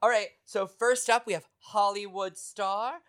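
A man's voice: high voice, steady tone, a little slow, fairly bright tone. Male podcast co-host, opinionated and dry, casual recap banter. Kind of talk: casual chat, reality TV recap.

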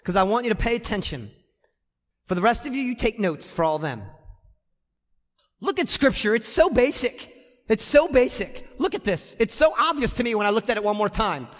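A man's voice: sits high, lively intonation, brisk, pauses often, a bit bright. A man preaching a sermon as pastor in a church, emphatic and repeating key phrases. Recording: long reverb of a church hall.

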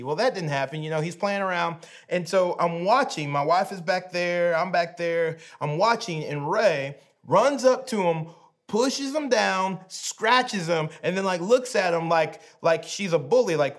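A man in his thirties giving a sermon as a pastor, telling a family story and moving from hushed, soft moments to animated ones. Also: high-pitched, moderate pace.

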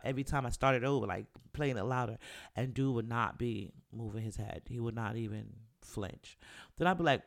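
A man's voice: mid-range voice, brisk, gravelly. A man who makes music, talking casually and candidly in a monologue, swearing freely and acting out what friends said. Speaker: musician, rapper.

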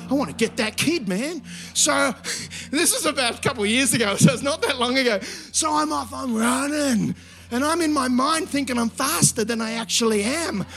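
A high-voiced pastor in his fifties delivers a sermon, telling a story with animated energy and praying with quiet earnestness. Soft instrumental music plays faintly behind him. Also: normal speed, gravelly, slightly rough. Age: 50s.

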